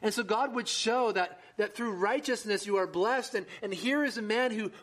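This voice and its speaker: A man preaching a sermon who reads scripture aloud with rising intensity and then explains it in a lower voice. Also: normal speed, fairly bright tone.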